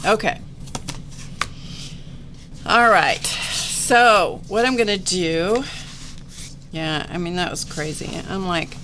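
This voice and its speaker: A woman hosts a live art stream, talking to viewers as she works. Her voice sits a bit low, and she speaks unhurriedly, rambling and poking fun at herself. A faint hiss of noise runs underneath. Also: takes it slowly, pauses often, pushed and bright. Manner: chatty, rambling, self-deprecating. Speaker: host of an art livestream. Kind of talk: casual livestream chat while crafting.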